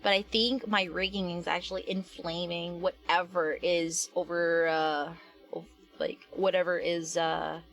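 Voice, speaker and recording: A woman's voice: on the low side, level tone, unhurried, fairly bright tone. A young adult woman chatting casually on a live stream while she works, rambling with lots of fillers and restarts and answering her chat.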